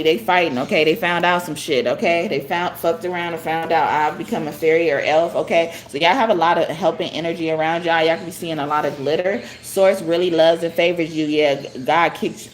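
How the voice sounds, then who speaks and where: A woman's voice: deep voice, brisk, hardly any pauses, slight background noise. A woman giving a live spiritual card reading, chatty, often tagging her lines with "okay?" and laughing. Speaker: tarot card reader.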